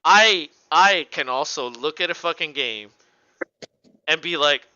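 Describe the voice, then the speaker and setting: Male podcast co-host, bright and forceful, smooth dry voice, fast profane rants. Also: a little high, no echo, dull audio. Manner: animated, profane ranting with mocking voices. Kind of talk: casual sports chat.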